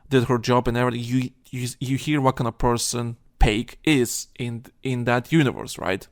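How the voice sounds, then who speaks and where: Young guy on a podcast, mid-pitched voice, ranting and heated, tons of "you know"s and restarts. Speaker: podcast host. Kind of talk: casual podcast rant.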